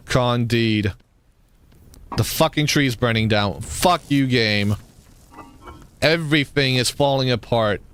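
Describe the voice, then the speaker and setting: Slow-talking exasperated male gamer. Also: medium pitch, fairly bright tone, clean tone. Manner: exasperated, swears at the game, laughs in disbelief. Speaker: game streamer. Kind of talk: live gameplay commentary.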